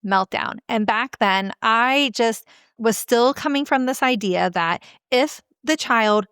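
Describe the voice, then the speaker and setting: A woman parenting coach telling stories and giving advice in a podcast interview, earnest and animated, with frequent filler words. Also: on the high side, slow pace, clear, resonant tone, no room sound, clean studio sound.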